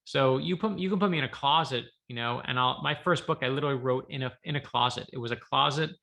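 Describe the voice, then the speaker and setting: A man, an author, telling a lively story on a video call from his home office, acting out the dialogue. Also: mid-range voice, quick pace, gravelly. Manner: lively anecdotal, acts out dialogue. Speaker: author guest. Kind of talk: animated storytelling.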